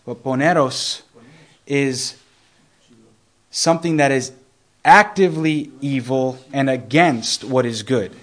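This is an earnest, conversational Bible lesson from a young man, a preacher whose pitch sits in the middle range. He often starts phrases over and slows his delivery whenever he wants scripture to land.

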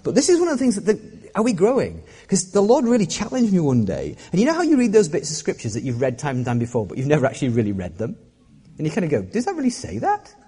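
A middle-aged male pastor preaching a sermon with a mellow, slightly husky voice. His pitch rises and falls in a lively way as he jokes at his own expense. The sound carries a long reverb from a large hall. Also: quick pace. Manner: self-deprecating, joking, animated delivery.

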